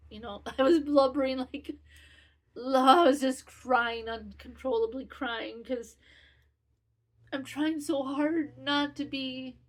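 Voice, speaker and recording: High-voiced and slow, a woman in her fifties rambles casually on her knitting podcast. She's candid and self-critical in this relaxed personal chat.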